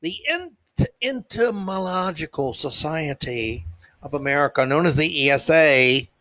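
A man's voice: a little high, animated, a little slow, sharp tone, no room sound. Sarcastic man hosting a comedy podcast. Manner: sarcastic, mocking, mock-outraged. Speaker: podcast host. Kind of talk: comedic monologue.

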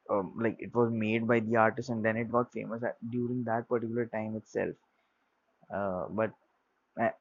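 A man with a fairly low voice talks casually and loosely, circling back with fillers and restarts. His English has small grammar slips. The recording is dull and lo-fi. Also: darkish tone. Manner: rambling, many fillers and restarts. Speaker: vlogger talking about his music taste. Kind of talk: casual spoken vlog. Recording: dull lo-fi sound.

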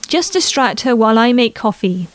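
A woman's voice: on the high side, lively intonation, normal speed, no room sound, natural voice. A woman voicing a playful, cheerful young mother. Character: amused, teasing young mother.

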